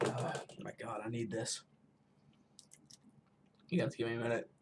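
A man's voice: mid-range voice, level tone, unhurried, heavy background noise. A man from the United States rambling through a casual snack taste-test vlog, full of self-mocking asides. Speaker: vlogger.

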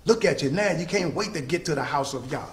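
A man's voice: fairly high pitch, animated, fast, reverberant, faint music behind. A man preaching a sermon with call-and-response, stretching out his key phrases for emphasis.

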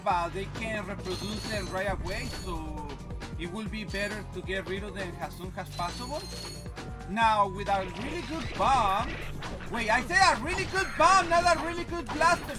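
A man with a Spanish accent, Spanish as his first language, talking through a video game with chatty, self-deprecating commentary. His voice is very high. Game music plays clearly beneath him. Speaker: gaming channel host. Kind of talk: casual gameplay commentary.

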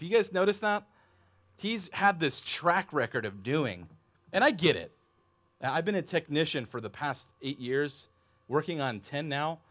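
30s guy preaching in church, chatty, lively, keeps asking the crowd stuff. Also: a little high. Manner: animated, conversational, asks the audience questions. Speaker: pastor. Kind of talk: sermon.

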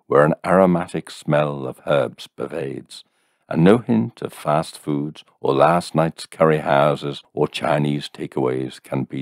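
A man reading a dark short story aloud in a wry, measured way. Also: extremely low pitch, creaky, dry recording, studio quality. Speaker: narrator.

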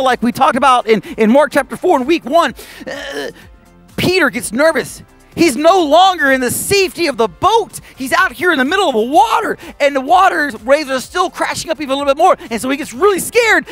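A man, a children's pastor, telling a Bible story to kids in a playful, animated way and acting out the voices. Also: extremely high pitch, fairly quick, no echo, faint music behind. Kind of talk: kids' Bible lesson. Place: church kids' stage.

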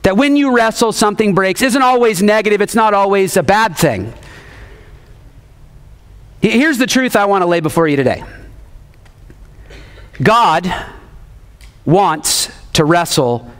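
Male pastor, 30s, lively sermon storyteller who repeats refrains and calls on the room, somewhat high-pitched. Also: unhurried, long pauses.

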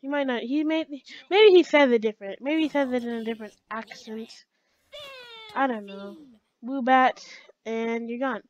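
A woman's voice: fairly high pitch, moderate pace, lo-fi sound. A woman giving chatty let's play commentary, talking to her game characters as she plays. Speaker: gamer.

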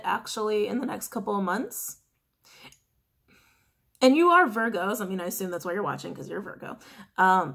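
A woman talking through a tarot reading straight to her viewers. She rambles in a loose, chatty way, full of "like" and "um." Her voice sits at an ordinary middle pitch for a woman. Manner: chatty, rambling, many fillers. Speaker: tarot reader.

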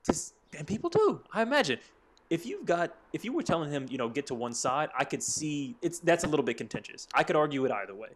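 A man, a podcast guest in a casual, profane comedy chat, quick, repeating words and swearing freely. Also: fairly high pitch, sing-song. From Australia.

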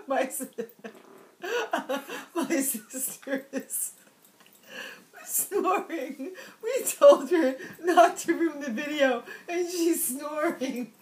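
A woman speaking softly as she prays aloud and leads a faith-based tapping routine in a bedroom late at night. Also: high-pitched, animated, drawn-out words, slight background noise. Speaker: music teacher leading tapping prayer. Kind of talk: prayerful self-healing talk.

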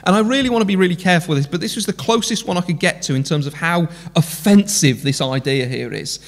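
A man's voice: sits high, fast talker. A man preaching an impassioned sermon in a church, full of rhetorical questions. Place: church hall. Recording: long church hall reverb.

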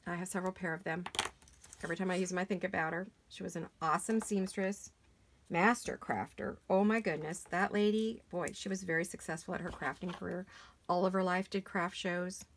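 A hoarse middle-aged woman chats away as she crafts in her home studio, her voice rough and gravelly with a froggy edge. She rambles casually from one thought to the next while working with her hands. A faint hiss sits under the recording. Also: on the low side, steady tone, a little fast. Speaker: crafting channel host. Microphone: camera mic while sitting back from a craft table.

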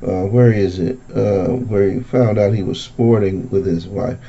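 A man, a pastor leading an interactive Bible study in a conversational, musing way with drawn-out phrasing. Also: lowish voice, fairly even intonation, creaky, warm tone, muffled recording.

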